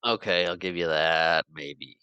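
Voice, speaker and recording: A man's voice: deep voice, measured pace, pushed and bright, clean tone, muffled recording. A man co-hosting a movie podcast who laughs often and playfully disagrees. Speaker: podcast co-host. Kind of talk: casual movie chat.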